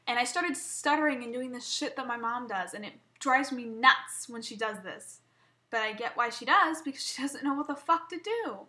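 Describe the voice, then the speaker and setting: A woman's voice: a little high, normal speed, sharp tone. A young woman vlogging an emotional personal rant, rambling and swearing, often stumbling and restarting.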